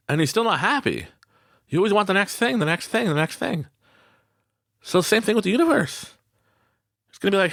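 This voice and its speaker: A man hosting a podcast, giving a casual motivational talk in a small studio, laughing often and acting out quotes in animated voices. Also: fairly high pitch, fast talker, gravelly, long pauses, no room sound. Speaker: podcast host.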